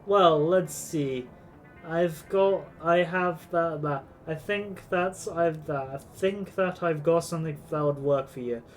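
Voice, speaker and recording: A man gives voice to a grizzled old salvage trader in a video game, gruff but good-hearted. He talks slowly, stopping and restarting often. The voice sits slightly high. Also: faint music behind. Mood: folksy. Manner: slow, halting delivery. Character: gruff but well-meaning old male junk trader.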